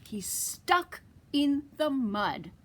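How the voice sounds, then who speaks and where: A woman's voice: high-pitched, big pitch swings, very slow. Sing-song woman reading to children. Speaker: children's librarian. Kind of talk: storytime read-aloud.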